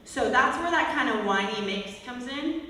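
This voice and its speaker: A woman's voice: on the high side, animated, moderate pace. A woman leading a vocal master class, explaining technique in a chatty, informal way and breaking into short sung examples. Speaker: vocal coach. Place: large hall, heard from a distance. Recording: echoey hall recording from far off.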